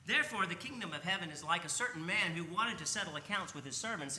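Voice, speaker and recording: A man's voice: high voice, animated, quick pace, few pauses, sharp tone, reverberant, a little hiss or hum. A man preaching a sermon in a conversational way, often asking his listeners rhetorical questions. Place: church sanctuary.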